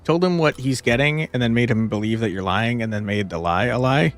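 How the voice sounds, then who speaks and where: A man's voice: medium pitch, a little fast, soft background music. A young man streaming a card game, talking to his chat between moves, swearing and venting at tough fights. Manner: swears a lot, frustrated outbursts and laughs; chats with viewers between moves. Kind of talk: live gameplay commentary.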